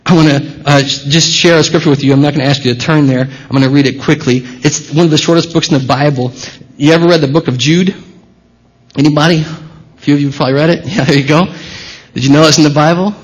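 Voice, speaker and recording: Male pastor with a somewhat high, raspy voice, preaching in a direct, conversational way, captured on a muffled lo-fi church recording. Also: steady tone, fast talker. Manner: conversational, emphatic preaching, addresses the congregation directly. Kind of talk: sermon. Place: church service. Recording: dull lo-fi sermon recording.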